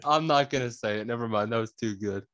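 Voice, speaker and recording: A man's voice: medium pitch, quick pace, a bit bright. A man co-hosting a podcast in casual chat, swearing casually. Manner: laughs easily, swears casually. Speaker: podcast co-host.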